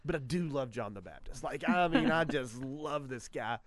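A man hosting a radio talk show in casual chat, an animated storyteller with frequent restarts. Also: medium pitch, normal speed, a crowd in the background.

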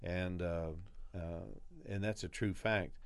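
A man's voice: deep voice, steady tone, slow, clear, resonant tone. A man on a Christian radio show speaking earnestly about faith and contentment. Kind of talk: casual faith talk on radio.

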